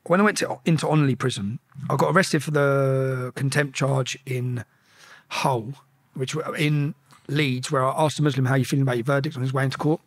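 A man telling a story as a podcast guest, animated and profane, acting out the shouted exchanges. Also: medium pitch, brisk, breathy edge.

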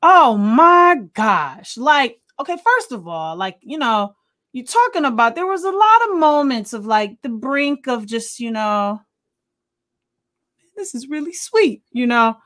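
High-voiced woman, excitable and laughing. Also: unhurried. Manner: excitable, laughs often, swears casually. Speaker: podcast co-host. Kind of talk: casual movie review chat.

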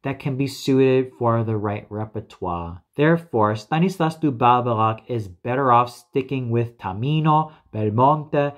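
Male opera critic, mid pitch, deliberate and opinionated delivery, reads a prepared review. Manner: measured, opinionated, lists names carefully. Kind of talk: scripted spoken review.

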